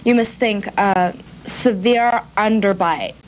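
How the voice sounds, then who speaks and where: A woman's voice: medium pitch, takes it slowly, crowd noise, close to an everyday voice, poor audio. A woman voicing a drunk young Valley girl who slurs her words with an underbite drawl. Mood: mock-instructive.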